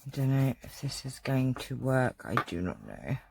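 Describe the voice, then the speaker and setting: A low-pitched woman talks through a craft project at home, gushing and rambling as she goes. Her tone is casual and chatty, and a faint hiss sits under the recording. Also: huge pitch swings, normal speed, gravelly. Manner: warm-hearted, gushing, rambling. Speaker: crafting vlogger.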